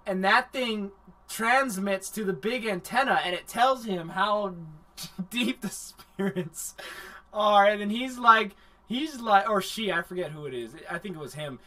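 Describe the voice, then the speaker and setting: A man with a voice that sits high hosts a livestream anime review, recapping the plot in an unhurried but rambling, profane and animated way.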